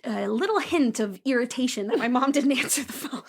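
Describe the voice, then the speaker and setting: A woman co-hosting a podcast, telling a family story in casual chat. Her voice has a gravelly, fry-tinged edge, and she laughs often between filler-filled sentences. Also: sits high, animated, moderate pace. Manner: chatty, laughing, lots of fillers. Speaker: podcast co-host. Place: apartment room.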